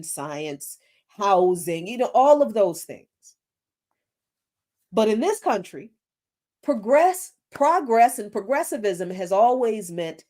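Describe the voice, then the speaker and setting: Emphatic woman, slow and lively-pitched. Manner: searching for words, many fillers and restarts, blunt and emphatic. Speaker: political commentary host. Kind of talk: unscripted livestream commentary.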